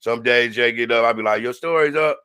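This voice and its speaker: A man hosting a podcast, encouraging his guest in a relaxed, slangy way. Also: medium pitch, fairly quick. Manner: laid-back, encouraging, slangy. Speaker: podcast host. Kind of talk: casual interview chat. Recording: loud crowd noise behind. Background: loud crowd.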